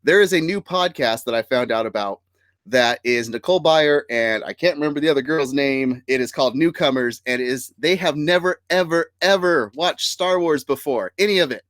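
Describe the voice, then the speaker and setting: A man's voice: a little high, normal speed, fairly bright tone, no echo. A man hosting a casual live-streamed nerd podcast, upbeat and chatty, laughing often and using fillers. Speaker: podcast host.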